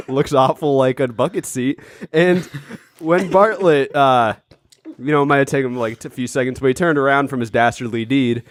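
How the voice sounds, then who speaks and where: A man co-hosting a casual comedy podcast, rambling through the story and doubling back on himself. His voice is close and dry, with no room sound, and his pitch sits in the middle for a man. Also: big pitch swings, normal speed, dry recording. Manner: rambling, self-interrupting storyteller. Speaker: podcast co-host.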